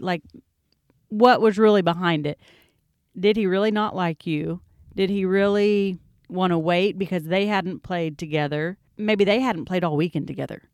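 A woman's voice: fairly low pitch, darkish tone, dry recording, studio quality. A woman co-hosting a podcast with a Texan accent, talking frankly and reflectively in casual conversation. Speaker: podcast co-host.

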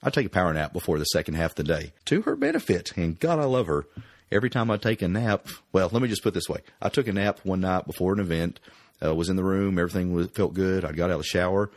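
A man's voice: low-pitched, lively intonation, fast talker, no room sound, studio quality. A middle-aged man, co-hosting a podcast and telling crude stories bluntly in casual chat. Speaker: podcast co-host.

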